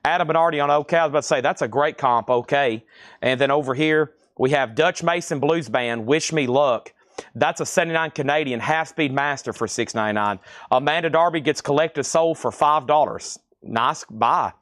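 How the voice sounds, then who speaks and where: A man hosting a live record sale, calling out items, prices and buyers in a brisk, chatty way from a record shop storeroom. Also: fairly high pitch, a bit bright, no echo, clean studio sound. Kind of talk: livestream auction calling.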